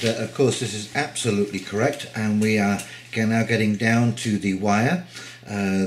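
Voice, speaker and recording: A man's voice: lowish voice, a little hiss or hum. A man giving casual, opinionated political commentary with many hesitations.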